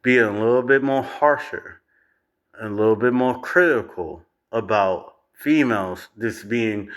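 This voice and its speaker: Slow-talking blunt, profane man. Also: medium pitch. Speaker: reaction commentator. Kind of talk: profane reaction rant.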